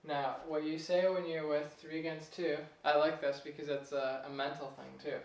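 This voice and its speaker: A young man giving a casual piano lesson, relaxed and chatty, chuckling at himself now and then. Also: fairly high pitch, normal speed, recorded from a distance. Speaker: piano teacher. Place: room with a piano. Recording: echoey room, voice off-mic.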